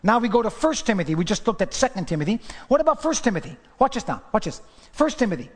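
A man preaching a sermon as pastor, emphatic, firing rhetorical questions and dropping from loud declarations to hushed asides. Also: high-pitched, big pitch swings, quick pace. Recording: long hall reverb.

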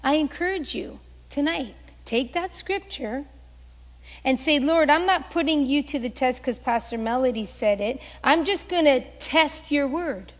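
Woman pastor for a sermon, unhurried delivery, acts out quoted lines, echoing church hall. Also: sits high. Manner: animated storytelling, acting out quoted voices.

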